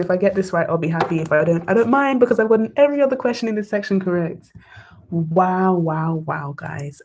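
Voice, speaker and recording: A young woman streaming herself studying live, thinking aloud through exam questions and chatting excitedly to her viewers. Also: medium pitch, a little hiss or hum. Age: young adult. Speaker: study vlogger. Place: bedroom desk, wrapped in blankets.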